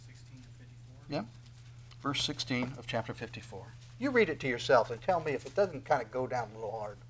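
A man preaching a sermon, reading scripture aloud and swinging from loud emphatic declarations to hushed whispers. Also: mid-range voice, big pitch swings, fairly quick, a little hiss or hum, rough recording. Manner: acts out dialogues with God in other voices. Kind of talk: sermon, Bible teaching.

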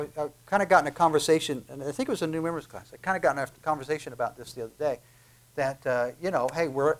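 A man preaching from the pulpit, his voice sitting a little high for a man. He builds to loud, emphatic peaks on key phrases and then drops to near-hushed asides. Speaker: pastor. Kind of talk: sermon.

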